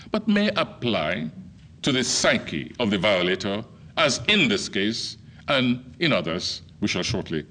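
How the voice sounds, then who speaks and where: An older man from Nigeria delivering a formal lecture in a measured, oratorical manner. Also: on the low side, pushed and bright. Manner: measured, oratorical delivery with wide swings in emphasis.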